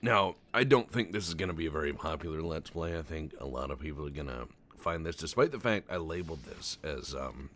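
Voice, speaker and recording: Deep-voiced man rambling over gameplay. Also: brisk, hardly any pauses, slight background noise. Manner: stammering, swearing, deadpan absurd storytelling. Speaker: Let's Play commentator. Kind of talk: casual game commentary with rambling tall tales.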